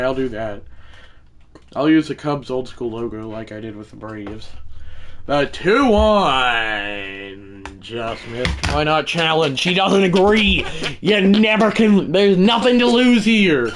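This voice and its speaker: A man streaming a baseball video game live, talking to his chat between pitches and breaking into mock play-by-play calls. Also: measured pace. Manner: mock play-by-play announcing, excitable; chatty asides to viewers.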